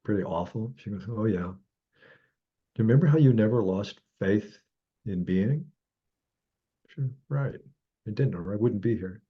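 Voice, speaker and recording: Man, guest author, low dark voice, husky, lo-fi audio. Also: moderate pace, pauses often. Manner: animated, acts out quoted dialogue with jumps in pitch. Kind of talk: reflective storytelling.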